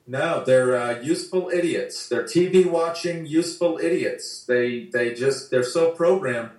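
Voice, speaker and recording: A man's voice: on the high side, measured pace, darkish tone. A man ranting bluntly and profanely in a casual video-call conversation. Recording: roomy sound, distant from mic.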